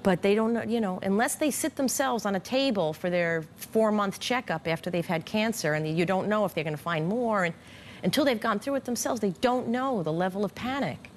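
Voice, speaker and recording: A woman who has been through cancer, speaking candidly and haltingly in an interview, with frequent restarts and fillers. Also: mid-range voice, a little hiss or hum. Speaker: former cancer patient. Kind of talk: reflective interview.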